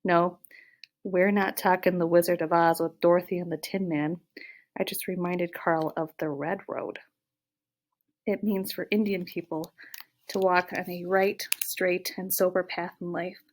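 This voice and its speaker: Big, calm, good-humored man, read by a woman in an audiobook, steady and reassuring, lowish pitch. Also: a little slow. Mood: explaining.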